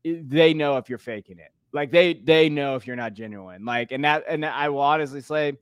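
A man who teaches, talking earnestly in a casual podcast conversation, with emphatic, animated bursts. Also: on the high side, normal speed, smooth, dry recording, studio quality. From Portuguese and Irish heritage.

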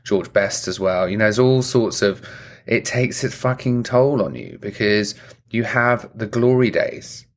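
A man's voice: lowish voice, lively intonation, a little slow. A man hosting a casual podcast chat, rambling, swearing now and then and murmuring agreement. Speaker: podcast host.

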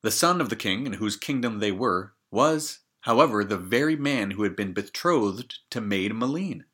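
A man's voice: lowish voice, lively intonation, normal speed, bright, forceful tone, breathy edge. A man reading a fairy tale aloud, stopping often for joking comments on the story. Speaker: storybook reader.

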